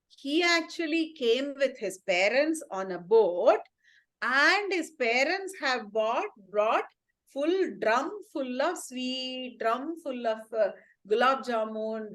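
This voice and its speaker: A woman, telling a story to children and asking them questions. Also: high voice. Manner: animated, questioning the listeners.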